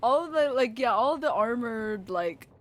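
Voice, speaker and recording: A woman's voice: fairly high pitch, animated, a little slow. A woman streaming a game, chatting casually, giggling often, swearing loosely and reading lines aloud. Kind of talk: casual game let's-play commentary.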